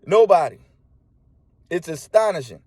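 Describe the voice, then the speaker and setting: Emphatic preaching man, fairly high voice. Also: expressive, a little slow, darkish tone, dry recording, clean studio sound. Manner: preachy, emphatic, frequent "right?" check-ins; colloquial street-flavored speech. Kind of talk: sermon.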